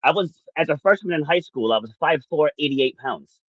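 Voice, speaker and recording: Man co-host, lively storytelling, slightly dull dry audio. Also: fairly high pitch, normal speed, no room sound. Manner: animated storyteller, laughs often. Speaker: podcast co-host. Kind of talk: personal storytelling.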